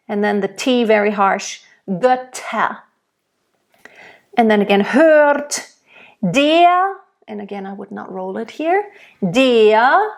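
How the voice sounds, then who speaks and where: A woman voice teacher giving a diction lesson for singers. She explains patiently, then demonstrates each word aloud with strongly stressed consonants. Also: on the high side. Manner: rolls and stresses German consonants in her demonstrations.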